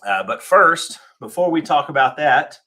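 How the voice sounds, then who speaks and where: A man's voice: on the high side, animated, a little slow, pushed and bright. Rambling man hosting a radio show. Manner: rambling, with many fillers and restarts. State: a little out of breath. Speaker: host.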